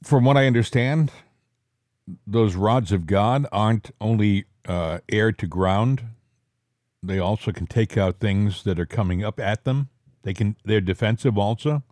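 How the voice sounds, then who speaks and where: A man hosting a casual political talk show, rambling with halting restarts. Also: lowish voice, a little mellow, no room sound, clean studio sound. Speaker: podcast host.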